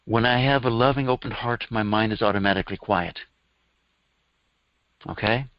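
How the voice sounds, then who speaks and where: A man's voice: fairly low pitch, moderate pace, no echo. A middle-aged man leading a live workshop, telling stories in a chatty way and laughing at them. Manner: chatty storytelling, laughs at his own stories. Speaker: workshop teacher. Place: room with a live audience. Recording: dull dry lo-fi recording.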